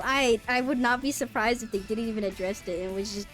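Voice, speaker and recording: A young adult woman streaming a game live, excitable, laughing often and swearing freely as she reacts. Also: fairly high pitch, brisk, few pauses.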